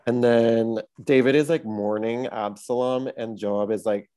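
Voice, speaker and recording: Brief: mellow, laid-back podcast co-host. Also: mid-range voice, fairly even intonation, a little slow. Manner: laid-back, sardonic, swears. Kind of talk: casual chat about Bible reading.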